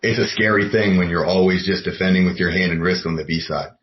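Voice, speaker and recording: A man's voice: low-pitched, fairly even intonation, fast talker. A man talking as a podcast guest, earnest and rambling, with restarts. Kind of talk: casual chat. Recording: roomy muffled call with faint noise.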